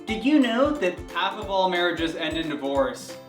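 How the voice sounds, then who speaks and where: A man's voice: sits high, very animated, normal speed, roomy sound, music in the background. A man voicing a cheerful children's TV host in a comedy sketch. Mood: chipper. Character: cheery kids' show host, adult male.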